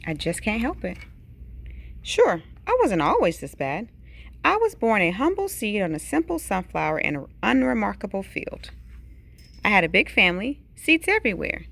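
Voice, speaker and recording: A woman, a teacher, reading a picture book aloud at bedtime, dramatically, with sudden hushed whispers. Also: very animated, normal speed, creaky. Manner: dramatic storytelling with sudden hushed whispers and big pitch swings.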